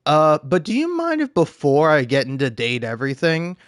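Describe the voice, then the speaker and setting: A man's voice: a little high, huge pitch swings, normal speed, no room sound, clean studio sound. A young man chatting casually on a gaming live stream, rambling and self-deprecating with lots of false starts. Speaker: gaming livestreamer.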